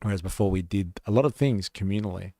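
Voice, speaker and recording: A man's voice: deep voice, fast, mellow, dry recording, clean studio sound. A man hosting a live stream, casually commenting on clips in a rambling way with lots of fillers.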